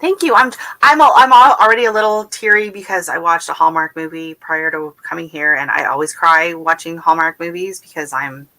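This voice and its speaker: A woman's voice: fairly low pitch, fairly even intonation, a little fast, few pauses, pushed and bright. A woman hosting a casual gardening livestream, chatting in a rambling way with many fillers and restarts while she answers viewers. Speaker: gardening channel host. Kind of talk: casual livestream chat, reading viewer comments. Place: at home.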